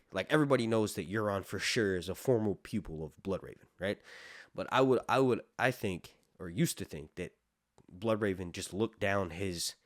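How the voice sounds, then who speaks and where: Casual male podcaster, low-pitched, dry close mic, rambling delivery. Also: dry recording. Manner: rambling, full of fillers and casual swearing. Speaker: podcast host. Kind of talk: casual lore commentary.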